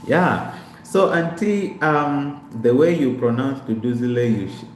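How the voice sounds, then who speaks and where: In an echoey room with a little background noise, a young man with a mid-range voice speaks expressively and unhurriedly on a live stream. He greets viewers by name and goes over his life story casually, repeating himself now and then.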